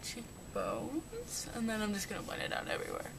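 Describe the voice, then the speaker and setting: A woman's voice: wildly swooping pitch, racing, vocal fry. A young woman chatting casually through her makeup routine, rambling and joking at herself. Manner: chatty, rambling, self-mocking. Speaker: beauty vlogger. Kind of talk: casual makeup tutorial chat. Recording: noisy home recording with rumble.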